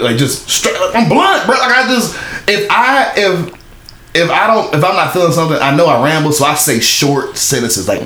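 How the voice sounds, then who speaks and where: Young man, animated pitch, profane rambling storyteller, casual podcast talk, echoey room with faint hiss. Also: unhurried.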